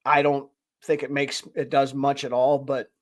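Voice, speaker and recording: A man's voice: mid-range voice, level tone, moderate pace. A man hosting a casual sports chat, thinking aloud in a rambling way as he goes. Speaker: podcast host.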